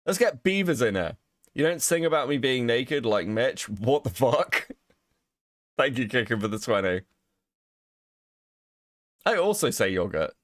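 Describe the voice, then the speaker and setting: A young man talks loosely on a livestream, his pitch jumping all over as he swears and jokes. The sound is dry and close to the mic, with no room around it. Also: measured pace, long pauses, no echo. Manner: swearing, animated and joking. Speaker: streamer co-host. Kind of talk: casual livestream chat.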